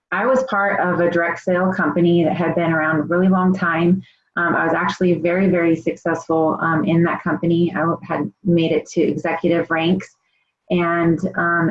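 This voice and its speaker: Earnest woman coach rambling thru her story, lots of ums, muffled echoey room sound. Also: on the low side. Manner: earnest, rambling, many fillers. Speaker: health coach. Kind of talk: personal testimonial.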